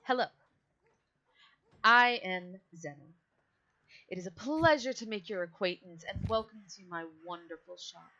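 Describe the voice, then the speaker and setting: A woman's voice: medium pitch, animated, a little slow, long pauses, sharp tone. Woman playing a courtly old wizard shopkeeper. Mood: gracious. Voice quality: courtly, showy welcome. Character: genial older male wizard shopkeeper. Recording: dull lo-fi mic.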